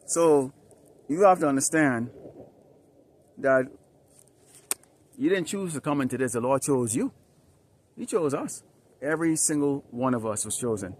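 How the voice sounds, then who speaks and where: A street preacher gives an outdoor sermon, reading scripture in a medium-pitched voice, with a bit of hiss or hum in the recording. The setting is dusty and slightly windy. He's emphatic and repeats himself, often asking listeners "Huh?" or "All right?".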